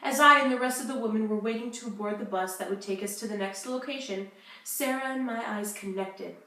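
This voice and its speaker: Young woman as a grieving mother, solemn, measured, slightly high voice, very echoey room. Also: sharp tone. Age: young adult. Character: grieving mother, wartime deportation survivor. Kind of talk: school-project talk-show role-play. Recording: echoey room, distant mic.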